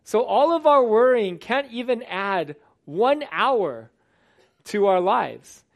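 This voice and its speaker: A man preaching to his congregation, his voice sitting a touch higher than most men's. He talks in an earnest, conversational way and restarts his phrases now and then. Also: very animated, takes it slowly, gravelly. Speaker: pastor. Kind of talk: sermon.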